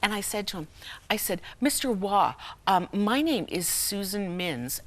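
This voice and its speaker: A woman's voice: medium pitch, big pitch swings, measured pace. A middle-aged woman telling a personal story as a talk show guest, acting out the voices of people in it and often laughing. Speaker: guest speaker and humorist. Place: television studio.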